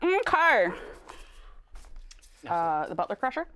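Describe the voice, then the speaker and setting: A woman's voice: on the high side, very animated, slow, sharp tone. A woman laughing and teasing as a player in a casual party game. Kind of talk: casual chat.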